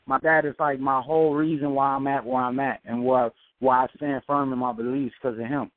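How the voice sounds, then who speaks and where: A man from Brooklyn, New York, a guest boxer in a casual phone interview, halting and repeating words. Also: mid-range voice, little pitch movement, dry recording. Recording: tinny phone line, dry.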